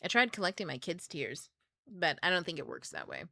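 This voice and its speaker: Young woman host, chatty and giggly, lively pitch, close dry mic. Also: fairly quick, gravelly, dry recording. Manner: chatty, laughs often, many fillers. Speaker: book club host. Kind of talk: casual storytelling livestream.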